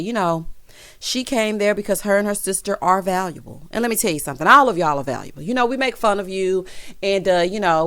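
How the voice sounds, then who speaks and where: A woman's voice: mid-range voice, no echo. A woman gives a sassy, playful recap of a reality show, mimicking the cast as she tells it. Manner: sassy, playful, animated storytelling with mimicked quotes. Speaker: recap vlogger.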